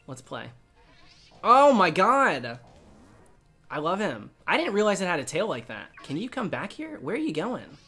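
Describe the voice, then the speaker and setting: An excitable man talking through a video game for his channel, his pitch leaping up and down as he chats. He keeps cooing at the creatures on screen between bursts of excitement. Faint music plays behind him. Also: fairly quick, hardly any pauses, husky. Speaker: gaming YouTuber. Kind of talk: excited gaming commentary.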